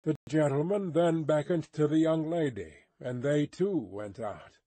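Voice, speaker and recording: Male narrator, unhurried and deliberate, dry close recording. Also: a little high, mellow, dry recording. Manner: slow, careful reading. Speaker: audiobook narrator. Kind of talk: scripted narration of a classic novel.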